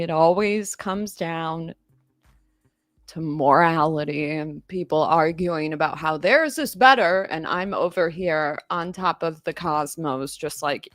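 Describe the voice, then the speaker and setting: A woman's voice: deep voice, no echo, studio quality. A woman around thirty giving casual, offhand commentary on a live stream, mocking herself and laughing often.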